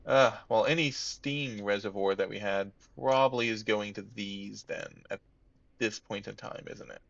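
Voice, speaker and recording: A man's voice: lowish voice, unhurried, gravelly, fairly bright tone, dry recording, muffled recording. A man casually commenting on his gameplay, thinking aloud and muttering to himself as he plays. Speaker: let's-play gamer.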